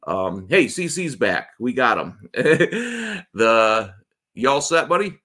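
A man's voice: medium pitch, big pitch swings, slow, sharp tone, breathy edge. A man hosting a sports betting livestream, chatting casually over a video call and rambling with frequent restarts. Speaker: sports betting show host.

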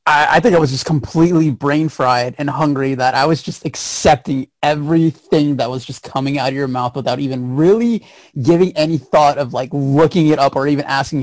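Slightly high-voiced man, laughing chat. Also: brisk, no room sound. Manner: laughing, exclaiming, swears often. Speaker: podcast co-host. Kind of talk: casual chat.

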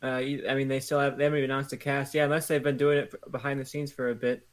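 A man co-hosting a podcast in casual chat, speaking in an even, thoughtful way with hesitant restarts. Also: mid-range voice, racing. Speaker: podcast co-host.

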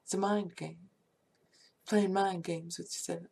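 Woman w a gravelly husky voice, chatty spiritual pep talk, laughs a lot. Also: on the low side, unhurried. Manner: animated, laughs often, slips into whispers. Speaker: spiritual speaker. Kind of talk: casual motivational talk on prayer.

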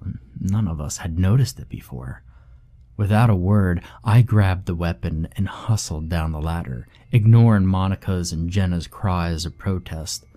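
A man narrating a horror story in a grave, measured first-person telling. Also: low-pitched, dark tone. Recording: faint background music.

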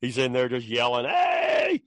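A man's voice: medium pitch, moderate pace, no room sound. Laid-back man telling river stories. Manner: laid-back, swears, laughs often; colloquial storyteller. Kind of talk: casual chat.

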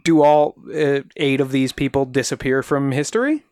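A man's voice: medium pitch, fairly even intonation, moderate pace, a little mellow, no echo, studio quality. Joking, skeptical male podcast co-host. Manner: jokey, skeptical interjections and questions. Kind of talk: casual chat.

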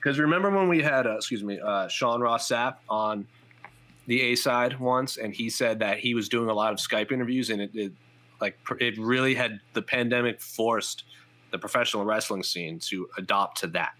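This fight-podcast host has a medium-pitched voice with a sharp tone and speaks at a normal speed. He chats casually and loosely, filling his speech with frequent "like"s and other fillers.

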